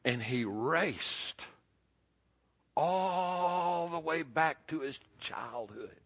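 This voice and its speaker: A man, preaching a sermon and telling a personal story, swinging from loud emphasis to hushed tones. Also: a little high, expressive, drawn-out words. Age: 50s or older.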